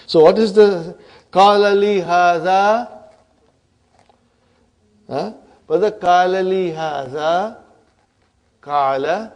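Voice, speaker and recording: A man with a fairly high voice teaches Arabic grammar to a class at an unhurried pace. He works through each term step by step and repeats his points. He often stops to ask "huh?" or "are you with me, brothers and sisters?". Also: dark tone. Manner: checks understanding with frequent "huh?" and "brothers and sisters". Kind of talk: classroom lecture.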